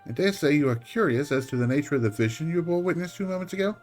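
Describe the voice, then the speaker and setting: A man's voice: fairly high pitch, lively intonation, fast talker, darkish tone, pitched above the performer's own voice, lightly acted. A man voicing a formal, earnest envoy of a secret order in a game, reading with a stately, courteous delivery over faint music.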